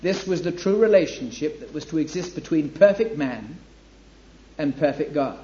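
A man preaching a sermon, emphatic, rising to loud declamation when he reads scripture. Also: on the high side, expressive, normal speed, slight background noise. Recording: echoey hall, dull lo-fi, faint ambience.

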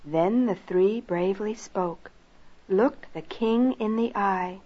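Slow, husky woman telling a rhyming story. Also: mid-range voice. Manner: slow, expressive, sing-song. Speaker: narrator and teacher. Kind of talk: rhyming storybook narration for children. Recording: lo-fi recording with soft music.

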